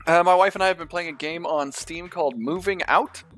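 A man's voice: on the high side, brisk, fairly bright tone, soft background music. A man co-hosting a casual podcast, teasing his co-host and recommending a video game.

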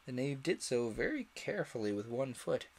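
A man reading a classic children's story aloud in an expressive way, with the odd slip. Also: mid-range voice, normal speed, creaky, husky. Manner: expressive, animated read-aloud with small slips. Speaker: storyteller, streamer.

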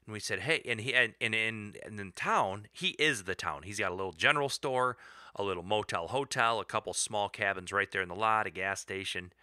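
A man's voice: on the low side, fairly quick, bright, forceful tone, dry recording, clean studio sound. A man co-hosting a podcast who tells a rambling, self-deprecating story and laughs often. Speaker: podcast co-host. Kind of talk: casual chat, storytelling.

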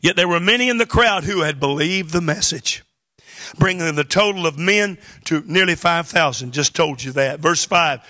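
Male pastor, high ringing voice, emphatic preaching with shouted peaks. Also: normal speed. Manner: preaching with rising emphatic bursts and exclamations. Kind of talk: sermon. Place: church hall.

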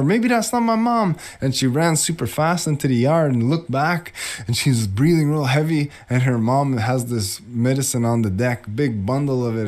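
A man gives a casual lesson for primary-school children, his voice sitting in a middle pitch. He tells a family story about a plant and acts out the voices of the people in it. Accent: Anishinaabe community English. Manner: animated, acts out quoted voices. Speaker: teacher.

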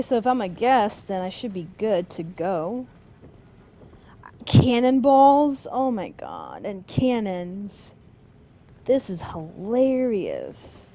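A woman's voice: mid-range voice, wildly swooping pitch, slow pace, warm tone, a little hiss or hum, rough recording. A woman casually commenting on a game she is playing, with amused playful reactions. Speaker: gameplay streamer.

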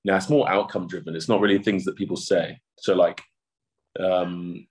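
A rugby prop on a podcast, chatting casually in a relaxed, hesitant way with lots of fillers. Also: male voice, deep voice, moderate pace, breathy edge.

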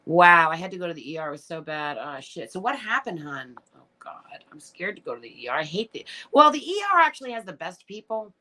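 A woman's voice: fairly low pitch, very animated, a little fast, hardly any pauses, sharp tone. Blunt, swearing woman livestream host. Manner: blunt, emotional, swears freely. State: tearful at times. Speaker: livestream host reading viewer comments. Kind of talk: casual live chat.

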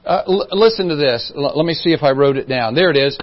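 A middle-aged male pastor preaching a sermon in a church, swinging between soft, quiet asides and loud, emphatic calls to the congregation. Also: on the high side, quick pace, hardly any pauses. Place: church sanctuary. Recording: dull lo-fi church recording.

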